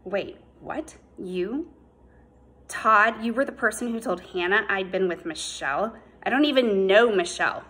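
A woman voicing a quick-tempered teenage boy in an audiobook, heated and accusing. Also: medium pitch, expressive, fairly bright tone, husky. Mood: angry. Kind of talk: audiobook character voice.

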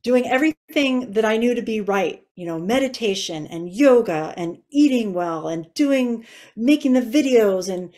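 A woman's voice: on the high side, expressive, moderate pace, darkish tone. Earnest emotional woman telling her testimony. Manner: earnest and emotional, tearful at times. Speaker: guest sharing testimony. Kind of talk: personal testimony interview.

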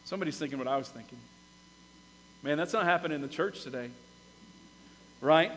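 Animated male pastor in a reverberant church. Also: a little high, brisk, pauses often. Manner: animated storytelling, rises to loud emphasis. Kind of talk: sermon. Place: church sanctuary.

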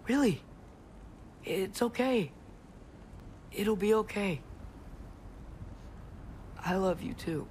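An actor playing an earnest, gentle, determined teenage boy in a video game. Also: high voice, slight background noise, heavily acted.

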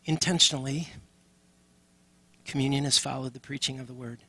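A male pastor leads communion with a bright, forward tone and a husky edge to his voice. He speaks earnestly and turns often to the congregation, inviting them to respond. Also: mid-range voice, steady tone, moderate pace, dry recording. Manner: earnest, calls on the congregation directly. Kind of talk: leading a communion service.

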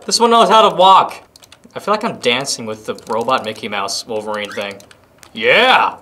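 Excitable, bright-voiced gaming host man. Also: medium pitch, moderate pace. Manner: excitable, loud playful exclamations and goofy banter. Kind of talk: gaming commentary.

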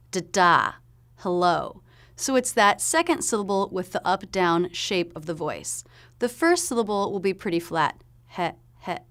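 A woman giving a pronunciation lesson, explaining sounds clearly and demonstrating them slowly. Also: medium pitch, a bit bright. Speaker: pronunciation teacher.

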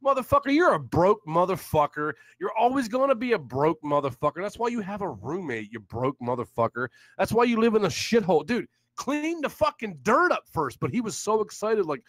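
A young man rants on a live stream, loud and profane, mocking with bursts of laughter. His voice sits high and swings widely in pitch. The sound is dry and close. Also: sing-song, fairly quick, hardly any pauses, no echo. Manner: loud profane ranting, frequent swearing, laughing mockery. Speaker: livestream host.

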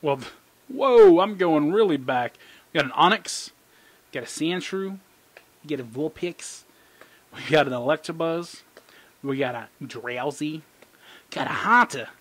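A man hosting a casual card-pack opening commentary. He rambles excitedly, squeals with delight and mocks himself in quick asides. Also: a little high, dry recording. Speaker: channel host. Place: indoor room under an overhead light.

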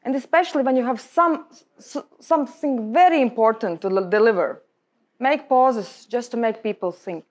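Latvian woman lecturing on public speaking, higher voice, lively and emphatic, English not her first language. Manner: lively, emphatic, halting non-native English. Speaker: guest speaker. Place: office lecture room.

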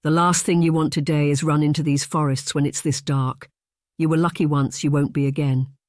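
A towering Highlander with a Scottish accent, blunt and commanding, as a narrator plays him. He talks in short, authoritative lines from an audiobook read, recorded dry and close. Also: little pitch movement, a little fast, dry recording, natural voice. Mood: steady. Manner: commanding, blunt, dialect words. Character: brooding giant Highlander man, commanding. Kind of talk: audiobook character voice.

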